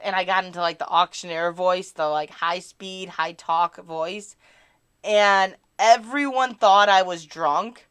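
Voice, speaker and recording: A woman's voice: on the low side, measured pace, fairly bright tone, smooth, dry recording. Chatty woman streamer in a dry room. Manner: chatty, rambling, candid and self-deprecating. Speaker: live streamer reading and answering chat. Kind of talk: casual live-stream chat.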